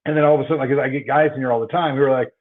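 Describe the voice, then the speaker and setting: A man's voice: medium pitch, steady tone, very fast. A middle-aged man, a guest chiropractor, telling stories in a casual podcast conversation and often restarting his words. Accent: Texan. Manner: storytelling, many repeated word starts. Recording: tinny phone-like line.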